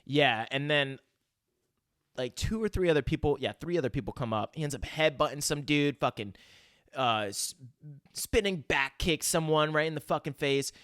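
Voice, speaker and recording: A man's voice: on the high side, lively intonation, moderate pace, fairly bright tone, clean tone, no room sound, studio quality. Profane young man in casual chat. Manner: profane, rambling, filler-heavy. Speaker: podcast co-host.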